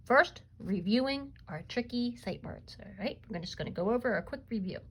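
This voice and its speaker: A woman teacher giving a recorded reading lesson to young children, encouraging them to answer aloud and pausing on "um" fillers. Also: on the high side, lively intonation, a little hiss or hum, poor audio. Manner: coaxing and encouraging, asks pupils to answer aloud; frequent um fillers while explaining.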